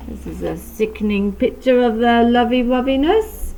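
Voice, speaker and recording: A woman teacher with an English accent reading a storybook aloud to a class, expressive and playful with sound effects, in a classroom. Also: a little high, moderate pace, gravelly, a little hiss or hum, low-quality recording.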